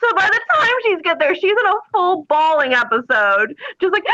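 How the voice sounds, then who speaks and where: A high, bright woman tells her stories with lots of laughter, her pitch swooping freely. The audio is dull and lo-fi. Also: brisk, few pauses. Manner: animated, laughing, mimics people in her stories. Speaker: guest. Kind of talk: casual storytelling.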